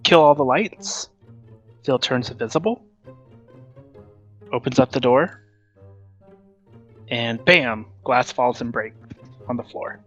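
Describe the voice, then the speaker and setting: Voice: medium pitch, unhurried, pauses often, breathy edge. A player giving a playful, punchy recap of the last tabletop session, stressing beats for effect. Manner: punchy, repeats "bam" for effect. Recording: dull lo-fi audio with faint music.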